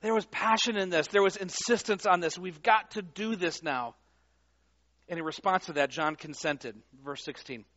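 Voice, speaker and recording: A man with a notably high-pitched voice delivers a sermon, talking to his congregation in a loose, conversational way. He leans on emphasis and often restarts his phrases. The recording has a slightly dull, muffled tone. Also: moderate pace, a bit bright. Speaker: pastor.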